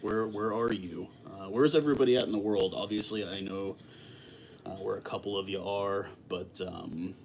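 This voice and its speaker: A man hosting a casual livestream, chatting with viewers in a relaxed, rambling way with many fillers and restarts. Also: fairly low pitch, moderate pace, creaky, slight background noise. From lives in Texas. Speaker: livestream host. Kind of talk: casual live chat with viewers.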